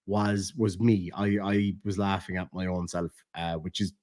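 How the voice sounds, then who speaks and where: A man's voice: sits low, a little slow. Chatty, swearing Irish man telling stories. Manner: swears freely, animated and chatty, laughs at his own stories. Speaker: comedian and online creator. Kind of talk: casual storytelling on a live stream.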